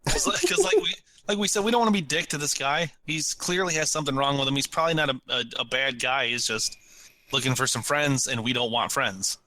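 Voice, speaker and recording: A man co-hosting a podcast, telling a story in a casual, animated way and acting out what people said. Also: mid-range voice, brisk, dry recording. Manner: animated, laughs while telling stories, acts out quotes. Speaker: podcast co-host.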